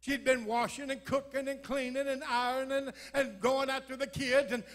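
High-voiced man preaching a humorous sermon. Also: moderate pace. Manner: storytelling, lively, joking asides. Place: church.

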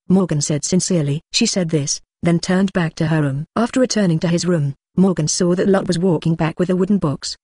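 A synthetic narrator voice with a flat, mechanical delivery that even reads out punctuation marks. It sits at a middle pitch and sounds close and dry, with no room sound. This is a web-novel audiobook reading. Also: fairly quick, few pauses, breathy edge, dry recording.

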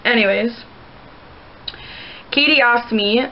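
A woman's voice: a little high, takes it slowly, dull audio, a little hiss or hum. A young woman vlogging casually, rambling through viewer questions with lots of "like" fillers. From Canada. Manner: rambling, chatty, many "like" fillers. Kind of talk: casual chat to camera.

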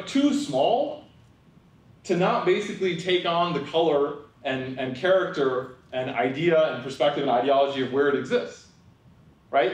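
A young man from New York gives a public talk in a loose, conversational way, with wry asides and plenty of "um" and "right?". His voice sounds distant and carries the echo of a large hall. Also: fairly high pitch. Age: young adult. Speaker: public speaker. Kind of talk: lecture talk with humorous asides. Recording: echoey hall, voice from far off.

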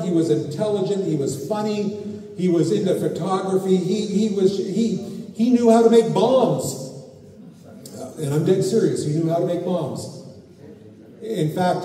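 Canadian pastor guy telling his story in a sermon, kinda high voice, echoey big room. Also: measured pace, warm tone. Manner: storytelling, frequent uh fillers. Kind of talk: sermon testimony. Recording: echoey hall from far off.

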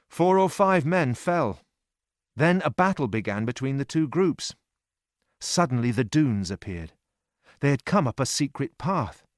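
A male narrator reads a storybook aloud in a steady, clear voice at a middle pitch. The sound is dry and close, with no room around it. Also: dry recording. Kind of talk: audiobook reading for English learners.

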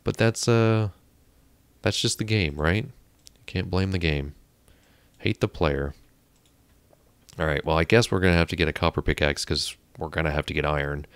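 A man's voice: deep voice, moderate pace, long pauses, a bit bright, clean tone, no echo. A man casually commenting on his own gameplay, muttering to himself and getting exasperated with the characters he controls. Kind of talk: casual let's-play commentary. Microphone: desk mic on a stand.

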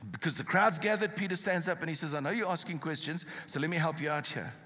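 A South African man preaches and reads scripture to a congregation, leaning hard on key words. His voice is bright and a little high. The sound carries a long church-hall echo. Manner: emphatic preaching, reads scripture aloud with rising stress. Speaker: pastor. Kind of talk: sermon.

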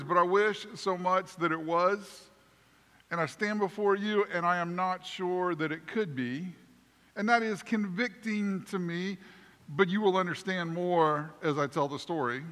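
A man preaching a sermon as pastor, telling a story in an animated, self-deprecating way. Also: sits high. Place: church sanctuary. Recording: long church reverb.

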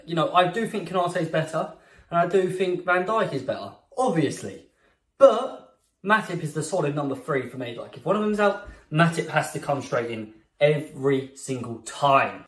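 A man hosting a football fan channel, giving his opinions in a casual, jokey, animated way. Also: a little high. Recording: roomy echo, a bit far from the mic.

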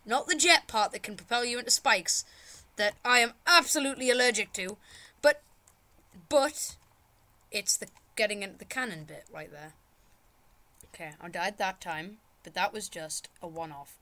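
A woman from Britain with a British accent, casually commenting while playing a video game, excitable and yelping at every mishap, with joking mock-dramatic asides. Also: mid-range voice, normal speed. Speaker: gaming channel host. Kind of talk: casual let's-play commentary.

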